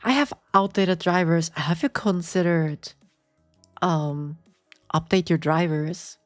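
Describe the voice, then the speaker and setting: A woman's voice: on the low side, faint music behind. A woman with a slight German accent, streaming casually and chatting with viewers in a playful, rambling way. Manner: playful, rambling, answers chat with quick squeals and laughs. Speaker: VTuber streamer. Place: home apartment.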